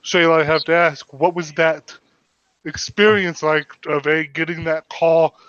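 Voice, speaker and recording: A man hosting a podcast, explaining background to listeners and asking the guest questions in a measured way. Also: fairly high pitch, little pitch movement, a bit bright, clear, resonant tone, no room sound. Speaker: podcast host. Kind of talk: interview questions. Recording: dull, muffled sound.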